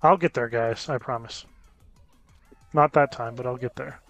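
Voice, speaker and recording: A man giving casual gameplay commentary as a gaming YouTuber, chatting with viewers and reacting out loud to close calls. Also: mid-range voice, normal speed, dull audio, faint music behind. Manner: chatty, reacts loudly to near misses.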